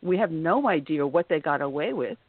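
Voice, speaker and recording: A woman's voice: sits low, animated, a little fast, husky, no echo. A woman hosting a political talk radio show, speaking emphatically. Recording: phone-line quality.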